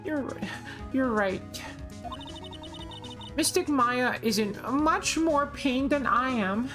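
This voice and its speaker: A woman's voice: sits high, slow pace, music in the background, pitched above the performer's own voice. A woman voicing an earnest eight-year-old girl from a video game.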